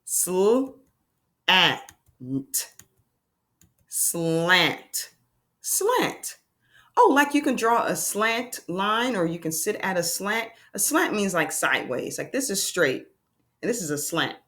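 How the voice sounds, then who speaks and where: A woman's voice: mid-range voice, animated, measured pace, fairly bright tone. A woman teaching a phonics lesson to young children, sounding out letters and making playful exclamations.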